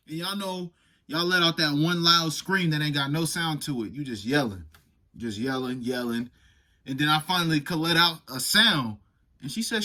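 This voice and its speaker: A young man casually telling a profane, animated storytime vlog. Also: a little high, moderate pace. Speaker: vlogger.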